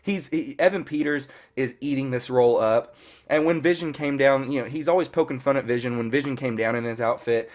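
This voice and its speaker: Speaking a little fast with a medium-pitched, slightly mellow voice, a man in his thirties casually goes over a TV episode as a fan reviewer. His talk wanders, peppered with "you know" and light cursing.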